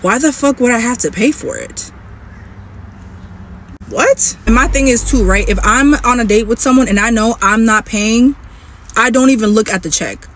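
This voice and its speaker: A woman's voice: on the high side, fairly quick, a bit bright, slight background noise. Indignant woman ranting with profanity. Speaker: storyteller. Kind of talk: casual storytelling.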